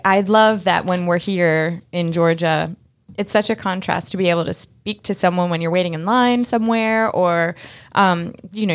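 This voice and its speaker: A woman hosting an interview, asking friendly, curious questions in a casual way. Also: fairly low pitch. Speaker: interviewer host.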